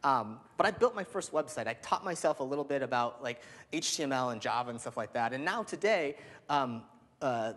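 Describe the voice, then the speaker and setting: Guy in his 30s doing a keynote talk, kinda high voice, lots of ums and likes, echoey hall. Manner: energetic, filler-heavy, lots of "um" and "like". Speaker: keynote speaker. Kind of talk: keynote speech. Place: large hall. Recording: long hall reverb.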